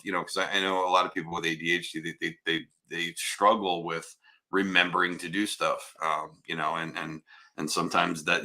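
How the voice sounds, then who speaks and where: Deep, bright-voiced man arguing bluntly. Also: low-quality recording. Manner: heated, blunt, heavy swearing, interrupts. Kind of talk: casual podcast chat.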